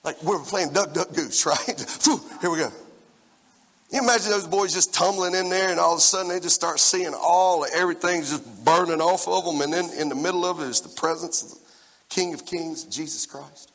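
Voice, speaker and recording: A man in his forties preaching a lively sermon and talking straight to the congregation in a church hall. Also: fairly high pitch, moderate pace. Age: 40s. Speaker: pastor. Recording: long church-hall reverb.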